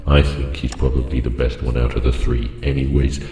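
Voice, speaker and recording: A man giving mock-serious, rambling commentary as he ranks other creators, deadpan and full of fillers. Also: very deep voice, fairly quick. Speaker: channel host ranking other creators. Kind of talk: joking tier-list commentary. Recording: echoey room with long reverb, faint music.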